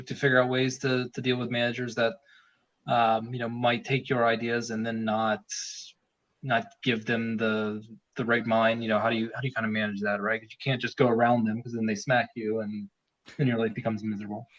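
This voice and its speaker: A man's voice: mid-range voice, little pitch movement, a little fast. A man talking as a podcast guest in a rambling, casual way, with many fillers and restarts. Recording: dull lo-fi sound.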